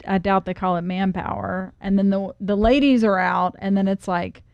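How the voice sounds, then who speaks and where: A woman's voice: mid-range voice, steady tone, moderate pace, vocal fry, dry recording, muffled recording. A young woman co-hosting a podcast, talking things through thoughtfully and often starting her sentences over. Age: young adult. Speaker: podcast co-host. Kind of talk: casual podcast chat.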